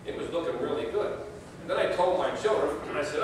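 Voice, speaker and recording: A man's voice: a little high, fast talker, slight background noise. A man preaching a sermon as pastor, telling stories with folksy humor. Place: church sanctuary. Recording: distant mic in echoey church.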